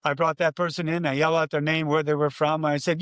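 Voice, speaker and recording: An older man, a former race announcer, telling stories in an interview and acting out his own loud calls. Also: a little high, fairly quick, clean tone, no room sound, clean studio sound. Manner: animated storyteller, acts out his own calls loudly. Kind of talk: conversational storytelling interview.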